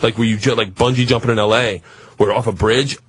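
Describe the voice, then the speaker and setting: A man telling a long, profane story on a radio talk show, animated and acting out the other people in it. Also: lowish voice, fairly quick, slight background noise. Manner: animated, profane, acts out voices in his stories.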